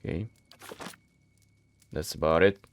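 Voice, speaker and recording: A man's voice: very deep voice, fairly even intonation, slow, vocal fry, slight background noise. A man commenting casually on his gameplay and reading the game's text aloud in a laid-back, muttering way. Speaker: gameplay streamer.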